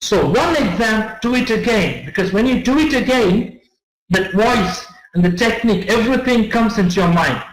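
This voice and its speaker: This high-pitched, expressive male teacher, not a native English speaker, talks at normal speed while giving English test-prep tips in a classroom lecture, with lots of repetition and check-ins. The room-mic audio is poor and reverberant.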